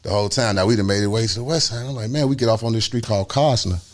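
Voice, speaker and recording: A man, telling a story in a casual interview, animated and acting out the other people's voices. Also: on the low side, rapid-fire. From Chicago. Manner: animated, acts out voices, swings between loud and hushed. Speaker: guest storyteller.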